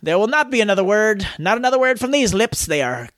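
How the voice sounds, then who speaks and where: A man's voice: high voice, big pitch swings, fast, a bit bright, no room sound, clean studio sound. A man hosting a podcast, stumbling over his words and joking about his own mistakes in a casual outtake. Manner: flustered, tongue-tied, laughing at his own slips. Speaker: podcast host.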